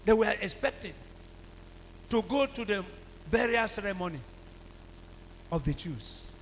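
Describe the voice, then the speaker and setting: A Nigerian pastor with a high-pitched voice preaches in call-and-response fashion, dropping to low talk and then bursting into shouts. His voice carries a long reverb from a large church hall, with a faint hum underneath. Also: expressive, unhurried. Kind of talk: sermon.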